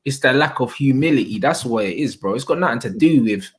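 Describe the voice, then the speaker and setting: A man's voice: mid-range voice, lively intonation, brisk. A young man, ranting casually about football on a live stream, full of slang and swearing. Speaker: streamer co-host.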